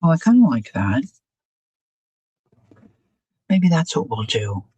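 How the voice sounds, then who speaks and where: A woman's voice: very deep voice, sing-song, slow pace, mellow, breathy edge, no echo, dull audio. A woman hosting a craft live stream, chatting casually and musing aloud about her choices as she works, often asking her viewers what they think. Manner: chatty, muses aloud, asks viewers questions.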